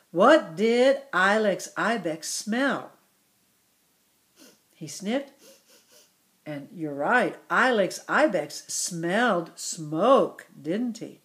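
A woman teaching young children, asking questions about a story and praising their answers in a slow, encouraging way. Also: mid-range voice, a bit bright. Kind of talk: story comprehension lesson for children.

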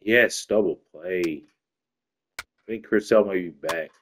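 A man's voice: sits low, a little slow, a bit bright. A tired man doing casual gameplay commentary as a YouTuber, rambling and profane, dropping into sleepy mumbles and then blurting outbursts. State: tired late at night. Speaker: gaming YouTuber.

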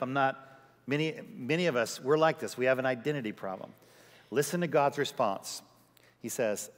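A male pastor preaching a sermon, telling a personal story with lively quoted voices. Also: medium pitch, normal speed. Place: large church sanctuary. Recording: church hall reverb.

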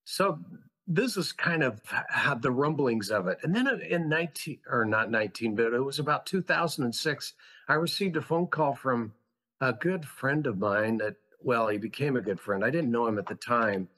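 As a podcast guest, the man behind a school's founding recounts his path earnestly and reflectively, with evident passion. He has a mid-range, fairly bright voice, lively intonation, and a moderate pace.

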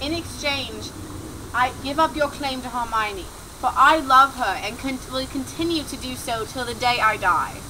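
A woman's voice: high-pitched, normal speed, bright, forceful tone, a little hiss or hum, rough recording. A woman playing a pleading, lovesick young male wizard. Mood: earnest. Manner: pleading, dramatic declarations.

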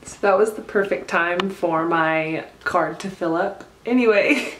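A woman's voice: fairly low pitch, unhurried, reverberant. A woman vlogger telling a personal story to camera in a gushing, casual way, filling her talk with "like". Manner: gushing, heavy use of "like".

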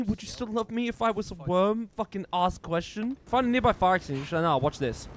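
A young man streaming a game, joking, swearing and shouting excitedly as he plays. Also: sits high, moderate pace. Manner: loud, excitable, swears a lot, jokey. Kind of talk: gaming commentary.

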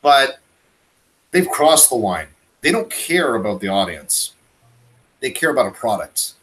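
A man's voice: medium pitch, big pitch swings, unhurried, fairly bright tone, low-quality recording. A man from Canada ranting with passion in a casual podcast chat over a video call. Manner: impassioned, ranting. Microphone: video call mic.

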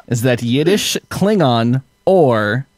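Laughing, lively male podcast host. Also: mid-range voice, no room sound, studio quality. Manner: laughing often, loose and joking, with repeated restarts. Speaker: podcast host running a quiz game. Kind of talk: casual chat.

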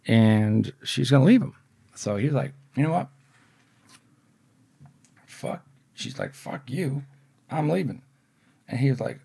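Swearing freely, a man tells his story in an interview and animatedly voices the other people in it. His mid-range voice is gravelly and husky, captured in a dry, studio-quality recording.

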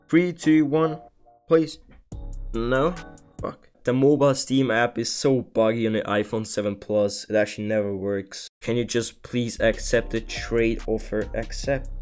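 A man's voice: medium pitch, darkish tone. A young man streaming online gambling, talking casually to viewers, often pleading and swearing in exasperation.

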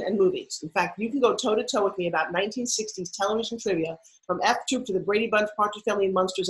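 A woman's voice: medium pitch, poor audio. A middle-aged woman from New York, a podcast guest telling her life story with punchy emphasis. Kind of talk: storytelling interview.

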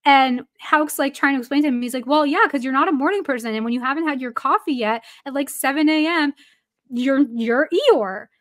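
A woman's voice: high-pitched, a little fast, fairly bright tone. Chatty woman with a raised voice. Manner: chatty, lots of "like" fillers, laughing while telling a story. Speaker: baseball reporter, guest. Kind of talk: casual storytelling in a podcast interview.

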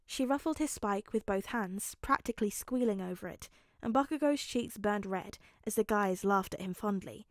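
A woman narrating a fanfic audiobook in a calm, even storytelling manner. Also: mid-range voice, normal speed, dry recording, clean studio sound.

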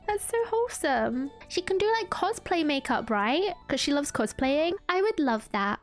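A woman streamer giving casual let's-play commentary, excitable and gushing as she gasps and laughs her way through the game. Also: high voice, moderate pace, hardly any pauses, faint music behind. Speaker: gaming streamer.

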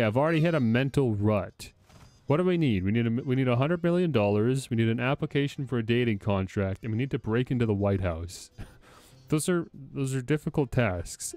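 A man's voice: mid-range voice, a little mellow, no echo. A man with a sore throat giving rambling, chatty let's-play commentary, laughing often. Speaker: streamer.

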